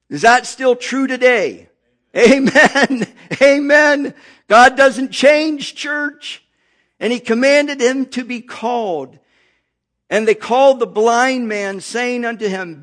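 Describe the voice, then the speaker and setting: A man preaching a sermon, reading scripture and calling out to the congregation with slow emphasis. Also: very high-pitched, fairly bright tone.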